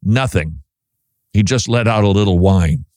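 A man's voice: fairly low pitch, unhurried, mellow, no room sound, clean studio sound. A man hosting a Christian talk show, chatting casually with wry, self-deprecating humor.

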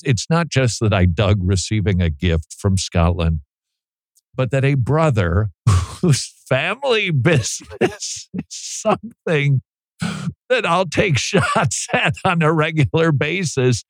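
A man's voice: medium pitch, big pitch swings, measured pace, dry recording, studio quality. A man hosting a talk radio show, chatting casually with joking, self-deprecating asides.

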